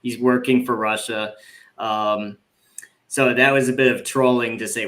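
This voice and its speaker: A man's voice: fairly low pitch, steady tone, unhurried, fairly bright tone. A man hosting a podcast, talking through politics in a rambling, casual way, with many fillers and restarts. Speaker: podcast host.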